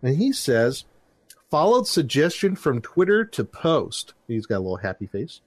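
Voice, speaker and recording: A man's voice: medium pitch, sing-song, moderate pace, dry recording. Joking man reading listener reviews. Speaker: podcast host. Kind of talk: casual podcast chat.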